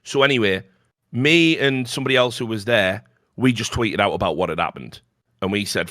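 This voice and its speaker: A man's voice: fairly low pitch, fairly bright tone, dry recording. A middle-aged man, telling a story as a talk show host in a blunt way, with lots of swearing. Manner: profane, blunt, fast-flowing anecdote with lots of swearing. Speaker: podcast host.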